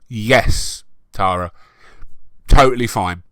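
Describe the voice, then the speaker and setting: Male comedic reader, sweary and mocking, bright and dry-toned. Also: on the low side, sing-song, a little slow, pauses often, no echo. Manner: sweary, mocking, laughing asides. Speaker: reader of fan fiction. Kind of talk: comedic dramatic reading.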